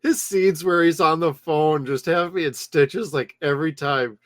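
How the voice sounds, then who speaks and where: Man, podcast co-host, a bit high-pitched, enthusiastic, dry recording. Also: unhurried, fairly bright tone, dry recording. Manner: enthusiastic, filler-heavy. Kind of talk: casual chat.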